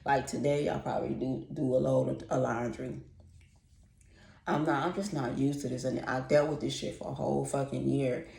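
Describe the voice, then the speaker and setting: A woman's voice: a bass voice, fairly even intonation, normal speed, creaky, a little mellow. A woman, ranting in a casual, profane, rambling vlog about her apartment. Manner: exasperated, profane, rambling rant. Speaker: vlogger. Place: apartment at home. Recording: echoey room.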